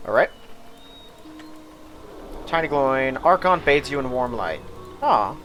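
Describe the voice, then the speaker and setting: A man's voice: mid-range voice, expressive, slow pace, long pauses, a bit bright, slight background noise. Casual male let's play host. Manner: casual, wry asides, reads game text aloud. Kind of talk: casual gameplay commentary.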